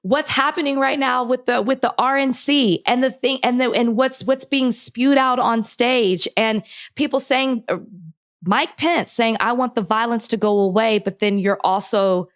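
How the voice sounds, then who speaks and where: A woman's voice: on the high side, measured pace. A woman co-hosting a podcast, speaking with impassioned frustration and close to crying, with many restarts. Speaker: podcast co-host. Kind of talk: heated podcast conversation.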